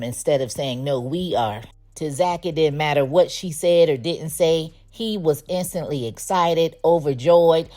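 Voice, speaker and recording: A woman's voice: deep voice, moderate pace, darkish tone. A woman hosting her own channel, giving a candid, opinionated recap of a TV episode in a chatty way. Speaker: host.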